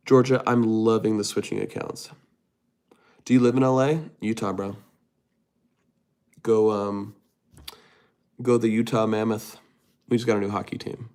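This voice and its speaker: A man's voice: lowish voice, fairly even intonation, unhurried, pauses often, a little mellow. A young man streaming live, casually reading viewer comments aloud and answering them. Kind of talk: casual livestream chat.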